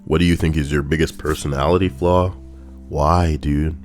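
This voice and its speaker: A man's voice: a bass voice, fairly even intonation, moderate pace, faint music behind. A young man casually reading forum posts aloud and riffing on them, sarcastic and rambling with loose asides.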